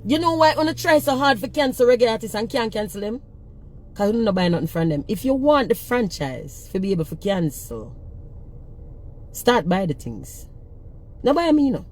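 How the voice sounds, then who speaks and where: A woman's voice: mid-range voice, animated, moderate pace, slight background noise. A woman with a Jamaican accent ranting on a phone livestream, blunt and profane as she scolds her commenters. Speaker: social media personality.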